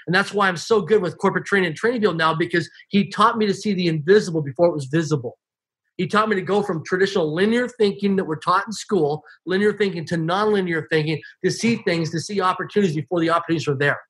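A man with a high, bright voice and a husky edge, telling stories about his own life as an interview guest. He talks in an animated, emphatic way. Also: fast. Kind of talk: casual storytelling.

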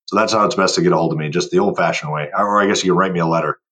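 Fast-talking husky deep-voiced man. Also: pushed and bright. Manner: emphatic, driven, motivational. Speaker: guest, board game company owner. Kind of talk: casual podcast interview.

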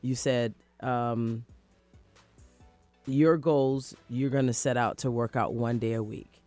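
A woman hosting a motivational radio talk show, talking in an animated, encouraging way and acting out her own past thoughts. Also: rumbling low, takes it slowly, no echo, faint music behind. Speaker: radio show host, life coach. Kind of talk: casual motivational radio chat.

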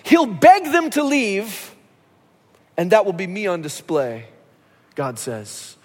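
In a church sanctuary, a pastor in his thirties or forties delivers a sermon, his voice sitting high and his pace a little slow. He brings the stories to life and performs the voices of the people in them, and the recording carries the long echo of a big hall.

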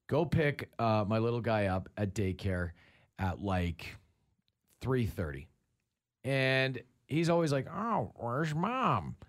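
A man's voice: lowish voice, slow. A man in his thirties telling a casual story on a talk show, acting out the lines of his child and himself. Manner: animated, acts out his child's and his own lines in quotes. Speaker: radio show co-host.

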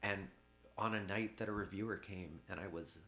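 Low-voiced man with halting candid talk. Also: steady tone, pushed and bright, roomy sound. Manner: halting, many restarts, laughs while talking. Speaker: guest artist. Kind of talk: candid conversational interview.

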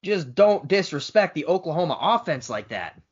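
A man in a sports chat needles and argues with his co-hosts. His voice sits slightly high and swings widely in pitch. The recording sounds dull and lo-fi. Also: big pitch swings, husky. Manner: quick, needling, argumentative. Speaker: podcast co-host. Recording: dull lo-fi podcast audio.

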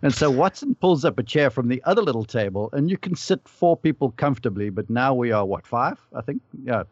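A man's voice: medium pitch, animated, fairly quick, darkish tone, no echo, muffled recording. A man on a podcast casually telling a story, acting out the lines of the people in it. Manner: anecdotal, acts out quoted dialogue. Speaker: podcast panelist, former caddie.

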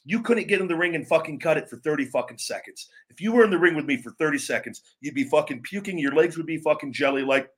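A man's voice: on the high side, quick pace, few pauses. A man hosting a live wrestling show, berating online trolls with heavy swearing, then talking things over in a looser, rambling way. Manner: profane, aggressive, berating trolls; calmer, rambling with restarts. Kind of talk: live stream rant and commentary.

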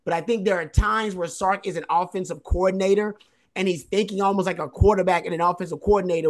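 A man's voice: high voice, steady tone, quick pace. A man co-hosting a sports podcast, analyzing a football game in casual talk and stressing points by repeating phrases. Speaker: co-host.

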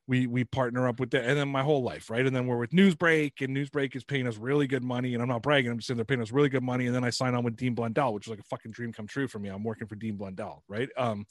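A man's voice: medium pitch, no echo, studio quality. A man from Canada, a podcast guest, telling stories in a casual, rambling way with frequent swearing. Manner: rambling, swearing, animated storytelling. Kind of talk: casual chat.

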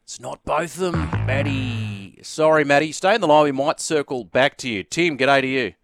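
A man's voice: medium pitch, normal speed, faint music behind. A man with an Australian accent hosting a sports radio quiz and chatting easily with callers in a jovial way. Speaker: radio host.

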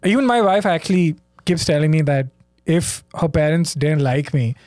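A man from India, a comedian guest on a podcast, speaking in a measured, thoughtful way. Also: fairly high pitch, lively intonation, darkish tone, no room sound, clean studio sound. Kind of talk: casual podcast chat.

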